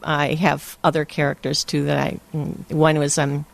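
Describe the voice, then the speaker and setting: An older woman from Hawaii telling lively stories in a casual interview and laughing often. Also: sits low, moderate pace, creaky. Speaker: interview guest. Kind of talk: casual storytelling.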